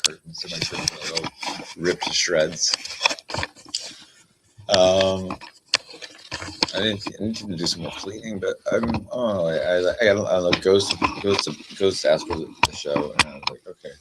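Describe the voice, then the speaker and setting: Low-voiced male streamer, rambling and unhurried, talks to his cat between thoughts. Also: fairly even intonation, very noisy. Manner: meandering, heavy on fillers, coos at his cat. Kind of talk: casual rambling livestream chat.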